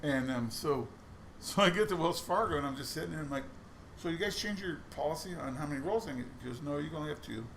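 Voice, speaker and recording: A man's voice: fairly high pitch, expressive, fast talker, a bit bright, slight background noise. A man chatting casually while going through boxes of coins, telling stories with lots of restarts. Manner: chatty storytelling with many restarts. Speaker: coin roll hunting vlogger.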